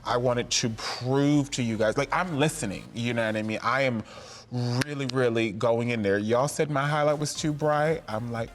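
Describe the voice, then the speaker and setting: A man's voice: medium pitch, moderate pace, a little hiss or hum. A man, a drag queen guest, talking expressively in a casual interview and acting out other voices.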